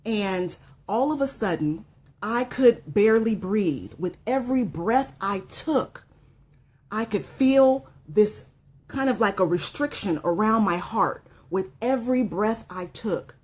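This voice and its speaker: A woman's voice: medium pitch, lively intonation, slow, darkish tone, breathy edge. A woman giving an emotional personal testimony as a motivational speaker, repeating phrases for emphasis.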